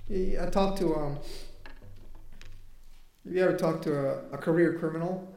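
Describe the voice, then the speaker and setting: A man's voice: on the high side, moderate pace, vocal fry, dark tone. A man giving a conversational sermon, telling a personal story and quoting people. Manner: conversational, quotes people, laughs between points. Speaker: preacher. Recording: echoey room.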